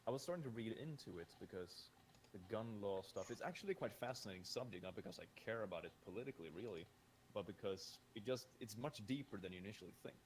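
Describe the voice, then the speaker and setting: Male guest, low voice, animated delivery, casual swearing. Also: fast talker, slight background noise, low-quality recording. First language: Swedish. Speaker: guest YouTuber. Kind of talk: casual podcast chat.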